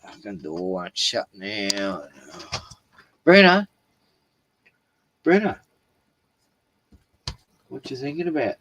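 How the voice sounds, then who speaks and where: A man's voice: fairly low pitch, animated, normal speed, few pauses, sharp tone, a little hiss or hum, rough recording. A drunk man, rambling, swearing and laughing as he chats to his dogs on a live stream from inside a caravan. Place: small caravan indoors.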